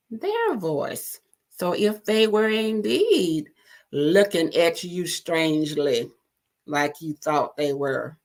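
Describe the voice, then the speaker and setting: A middle-aged woman hosting an encouraging talk show, speaking gently and pausing with fillers and restarts. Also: low voice, creaky. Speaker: host.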